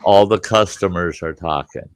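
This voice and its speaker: Deep-voiced man, halting and earnest. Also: clear, resonant tone. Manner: earnest, halting, repeats words as he starts. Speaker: host. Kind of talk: casual chat.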